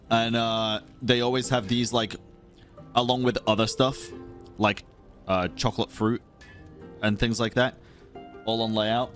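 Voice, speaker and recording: A man's voice: mid-range voice, fairly bright tone. A man streaming a game, reacting casually with jokes and swearing while munching on snacks. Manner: joking, swears casually, rambling. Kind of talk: casual reaction commentary over gameplay. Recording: talking over game audio with music.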